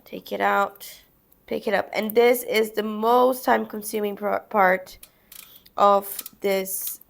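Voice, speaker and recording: A woman's voice: medium pitch, steady tone, takes it slowly, gravelly. A young woman talking casually through a knitting project step by step, chatting to herself as she works. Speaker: crafting vlogger. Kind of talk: casual how-to narration while knitting.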